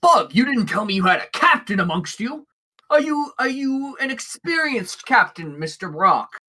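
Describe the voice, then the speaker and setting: A man's voice: very high-pitched, sing-song, moderate pace, pushed and bright, pitched above the performer's own voice, heavily acted, rough recording. A man voicing a portly, friendly male orc who owns a ship, talking eagerly and politely with lots of hesitations. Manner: eager, courteous, stammering.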